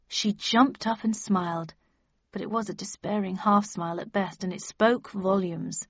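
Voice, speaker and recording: A woman reading a first-person audiobook with measured, expressive storytelling. The sound is dry with no room echo and slightly muffled. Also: medium pitch. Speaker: audiobook narrator. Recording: dull dry studio recording.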